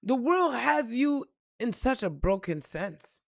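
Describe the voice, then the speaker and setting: A woman's voice: fairly high pitch, very animated, slow, creaky, dry recording, clean studio sound. A woman giving a blunt, emphatic motivational monologue and swearing freely, calling the listener "baby". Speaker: spiritual reader.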